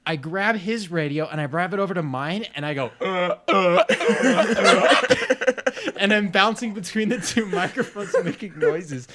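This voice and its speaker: A young man on a casual podcast, spinning a story with a lively, swooping voice that sits a touch high. He laughs his way through it, talking in an animated rush. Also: fairly quick, hardly any pauses, a crowd in the background. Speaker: podcast co-host.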